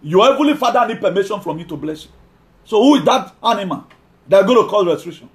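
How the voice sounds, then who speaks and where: A man preaching a sermon, emphatic, repeating key lines and slowing down to read scripture. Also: high-pitched, animated.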